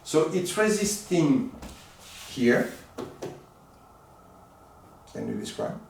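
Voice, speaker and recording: A man giving a live demonstration lesson as a teacher, animated and coaxing, in a room at home. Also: medium pitch, drawn-out words, vocal fry, a little hiss or hum. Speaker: echolocation teacher. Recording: very echoey room, far from mic.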